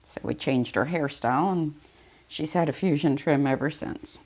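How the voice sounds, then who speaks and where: A woman's voice: sits low, moderate pace, a little mellow. A woman dog groomer chatting casually while she works, telling stories and acting out her clients. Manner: chatty storytelling, acts out clients in quotes.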